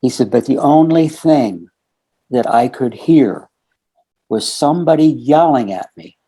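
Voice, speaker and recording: A man's voice: mid-range voice, lively intonation, measured pace, warm tone, husky. A man in his sixties from the United States, a podcast guest telling a long story full of quoted conversations. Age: 60s. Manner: retells conversations with many quoted lines. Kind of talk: storytelling interview.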